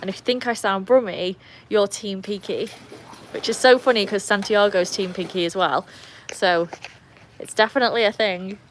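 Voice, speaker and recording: A woman's voice: mid-range voice, steady tone, moderate pace, a little hiss or hum. English woman, live host, poolside on a phone; chatty, teasing her dogs, faint rain behind. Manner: chatty, greets viewers and scolds her dogs playfully. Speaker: livestream host. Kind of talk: casual live chat. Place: outdoors beside a backyard pool in the rain. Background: faint rain and outdoor ambience.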